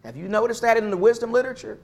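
Male pastor, sermon delivery, high voice, emphatic repetition. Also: racing, gravelly, a little mellow. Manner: emphatic, repeats phrases for stress.

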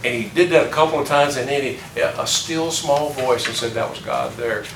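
A man's voice: medium pitch, normal speed, far from the mic. An older man teaching an informal Bible class, folksy and chuckling, putting questions to the class. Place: classroom or church meeting room. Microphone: distant room mic. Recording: echoey room recorded from afar with background noise.

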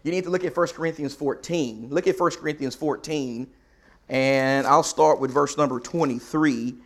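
A male preacher delivering a sermon in a church auditorium. His voice sits a little high, and he talks to the pews conversationally. He reads scripture aloud with emphasis. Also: normal speed.

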